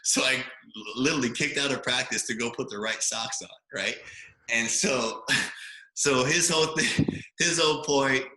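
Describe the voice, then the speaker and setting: A man in his forties from Hawaii, a podcast guest telling stories in a lively, casual way, full of fillers and "right?" tags. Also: mid-range voice, measured pace. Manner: animated storyteller, many fillers and tag questions. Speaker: podcast guest, former quarterback. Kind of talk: storytelling in a casual interview. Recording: roomy echo.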